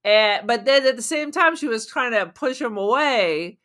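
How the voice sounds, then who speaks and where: A woman co-hosting a casual movie podcast, joking with quick asides. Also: a little high, lively intonation, a bit bright. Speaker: podcast co-host.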